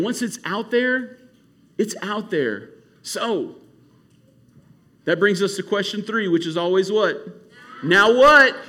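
A man preaching to a youth camp in an animated, casual storytelling way. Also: high-pitched. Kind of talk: youth sermon.

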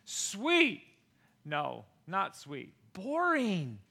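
A man's voice: high voice, very slow, creaky. A middle-aged man casually telling a personal story to camera, acting out the voices of the people in it with big swings. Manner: animated, acts out quoted voices with big swings. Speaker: vlogger.

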